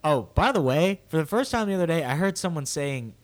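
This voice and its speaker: A man's voice: on the high side, expressive, a little fast. Young man rambling through a story. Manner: rambling storyteller, acts out childish wails. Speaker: podcast co-host. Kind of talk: casual chat.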